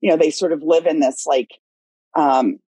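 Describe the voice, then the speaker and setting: Woman, husky voice, dry close sound, candid and rambling, webinar discussion. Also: deep voice, moderate pace, mellow, dry recording. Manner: candid, talks in long winding sentences. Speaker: legislative director and lobbyist.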